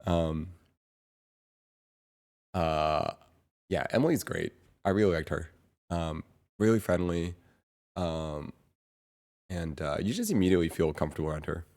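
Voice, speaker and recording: A man with a notably deep, low voice talks casually on a live stream. He rambles and hesitates, stopping often to search for words and restarting his sentences. The delivery stays loose and unscripted. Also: a little mellow. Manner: rambling, halting, many fillers and restarts.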